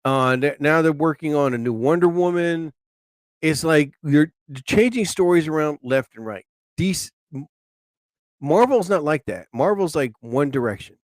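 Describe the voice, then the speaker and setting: A man hosting a casual live stream, rambling excitably and breaking into frustrated, swearing outbursts. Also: on the high side, moderate pace, no room sound, clean studio sound. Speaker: live show host.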